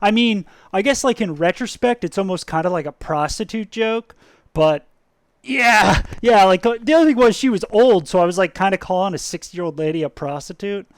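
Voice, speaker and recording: Chatty high-voiced man, dry sound. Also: expressive, normal speed, no room sound. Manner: chatty, laughs often, acts out voices in anecdotes. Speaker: streamer reacting to a video. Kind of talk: casual reaction chat with storytelling.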